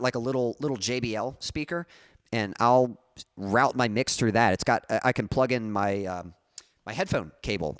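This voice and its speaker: A man with a mid-range voice hosts a music livestream, casually responding to viewer comments he reads out loud while rambling with lots of fillers and restarts. The sound is clean studio audio with no echo.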